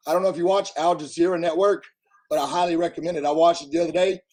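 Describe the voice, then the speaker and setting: A man from the United States ranting bluntly at his live chat, his voice hoarse and damaged after covid, talking loudly so he can be heard and swearing freely. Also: fairly high pitch, fairly even intonation, racing, poor audio. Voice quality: husky, strained. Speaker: livestreamer answering chat. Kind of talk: casual live-stream rant.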